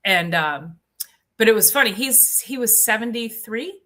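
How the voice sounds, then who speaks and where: Woman host, live health Q&A, bright forceful voice, chatty and enthusiastic. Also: a little high, animated, unhurried. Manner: chatty, enthusiastic, many fillers. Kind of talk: live Q&A and personal storytelling.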